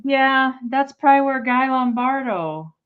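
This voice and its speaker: A woman's voice: high voice, animated, unhurried, clean tone. Rambling woman, slightly muffled sound. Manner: rambling, musing aloud. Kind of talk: casual chat.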